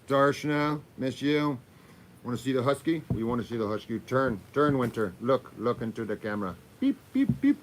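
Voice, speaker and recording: A man's voice: on the low side, noisy background. A man hosting a casual livestream, chatting loosely with viewers and his dog and swearing now and then. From Florida. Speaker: livestream host. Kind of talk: casual livestream sign-off chat.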